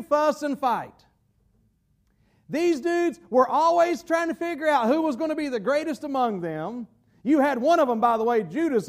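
Man, pastor, very high voice, folksy, emphatic sermon. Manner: folksy, emphatic, slows down to stress key phrases.

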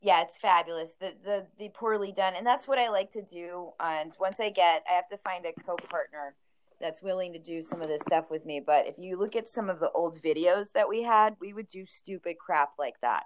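A woman's voice: on the low side, moderate pace, a little hiss or hum. A woman who owns a record store, chatting casually as a podcast guest, laughing often and acting out quotes.

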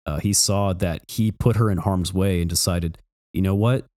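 A man in casual conversation about a film, talking in a thoughtful, earnest and measured way. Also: sits low, steady tone, darkish tone. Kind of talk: casual movie discussion.

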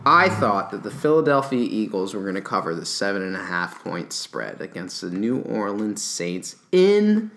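A man co-hosting a casual sports betting podcast, talking animatedly, swearing and getting loud when he argues his pick. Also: lowish voice, sing-song, moderate pace, hardly any pauses.

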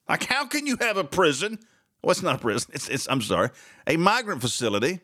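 A man's voice: sharp tone, dry recording, studio quality, heavily acted. A man doing a prissy scandalized Brit. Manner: exaggerated mock outrage, high and drawn out.

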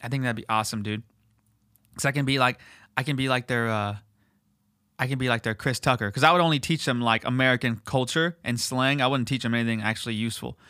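A man hosting a podcast in casual, rambling chat, swearing heavily and animated. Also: medium pitch, quick pace, no room sound, studio quality. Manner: profane, rambling, animated, filler words. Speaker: podcast host.

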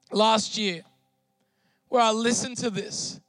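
A man's voice: extremely high pitch, fairly even intonation, moderate pace, a bit bright, no echo. A man preaching a sermon with emotional testimony, pleading and impassioned as he leads prayer in church. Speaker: pastor.

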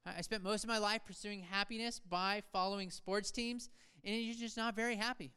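A man preaching a sermon to his church, swinging between soft reflective talk and emphatic rises, with self-deprecating asides. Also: high-pitched, fairly even intonation, a little fast, clear, resonant tone. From Seattle area, USA. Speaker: pastor. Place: church sanctuary.

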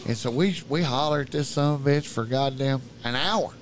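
A man's voice: mid-range voice, fairly quick, slight background noise. A man telling a long, profane, rambling story as a podcast guest, often cutting himself off mid-sentence. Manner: profane, colorful, self-interrupting. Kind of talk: rambling storytelling in casual chat.

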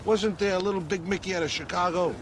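An actor as a high, wary mafia man. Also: steady tone, fast talker, noisy background, lightly acted. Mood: suspicious. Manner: wary, questioning. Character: suspicious male mafia member, probing.

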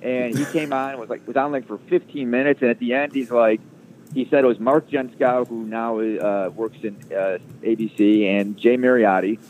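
A man's voice: medium pitch, steady tone, normal speed, a little mellow, a little hiss or hum. A man guest telling a long story in a casual interview, rambling with many fillers and restarts. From Chicago area. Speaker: guest, sports radio producer. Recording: tinny phone-like line.

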